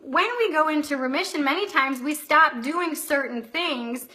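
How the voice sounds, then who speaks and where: A woman's voice: high-pitched, moderate pace, bright, forceful tone. A middle-aged woman, host and anxiety coach, telling a story in a chatty live-stream talk and acting out her own reactions.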